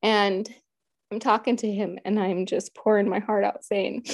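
A woman in her thirties telling a deeply personal story, earnest and heartfelt, quoting her own prayers and thoughts. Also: little pitch movement, measured pace, dry recording. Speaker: guest sharing a personal story.

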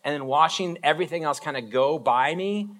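A man's voice: a little high, fairly bright tone. Casual man preaching a conversational sermon. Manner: informal, talks through everyday examples, acts out quick voices. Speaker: pastor.

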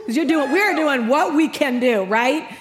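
A middle-aged woman preaching to a crowd with a bright, slightly high voice. She tells a humorous story with animated, self-mocking energy. The sound carries a long reverb from a large hall. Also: measured pace. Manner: animated, self-mocking, acts out family dialogue. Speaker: speaker. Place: large hall with a live audience.

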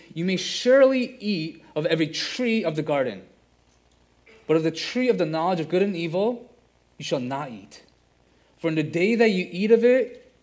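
A man preaching a sermon as a pastor, earnest and steady, repeating key phrases for emphasis. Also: a little high.

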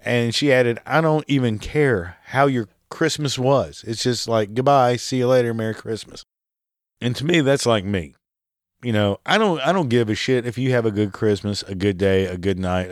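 A man's voice: fairly low pitch, no room sound, clean studio sound. A man hosting a solo podcast, ranting sarcastically and swearing often. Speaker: podcast host.

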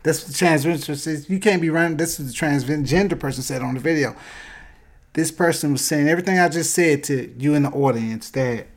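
A man tells a story in casual chat. He is animated and bursts into loud acted-out quotes. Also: a little high, a little fast. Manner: animated, acts out quoted voices loudly.

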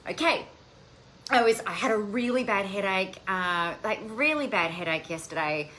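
Bright, animated woman chatting on a live stream. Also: mid-range voice, normal speed, a little hiss or hum, rough recording. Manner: animated, chatty, swears casually. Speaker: coaching podcast host. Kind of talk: casual live-stream chat.

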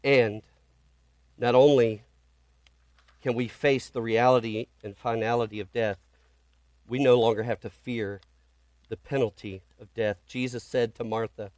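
A man's voice: mid-range voice, steady tone, unhurried, long pauses, darkish tone, no room sound. A man preaching a sermon as pastor, retelling scripture in an earnest storytelling way with dramatic emphasis.

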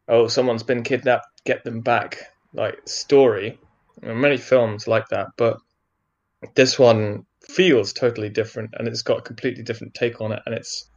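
A man chatting casually as a co-host, loose and rambling with lots of filler words. His voice sits in an ordinary middle pitch, and the recording is a touch dull and lo-fi. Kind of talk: casual chat.

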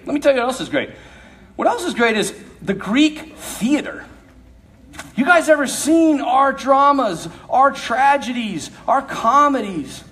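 A man's voice: extremely high pitch, sing-song, measured pace, fairly bright tone, full character voice. A man voicing a smug ancient conqueror king who coaxes his subjects like a salesman. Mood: coaxing. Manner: coaxing, salesman-like, jokey.

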